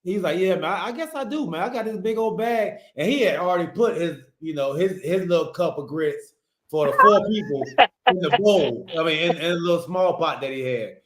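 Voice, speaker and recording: A man's voice: high voice, animated, fairly quick, a bit bright. A man co-hosting a live show, telling a story in a laid-back, chuckling way and greeting viewers. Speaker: podcast co-host. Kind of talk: casual storytelling chat.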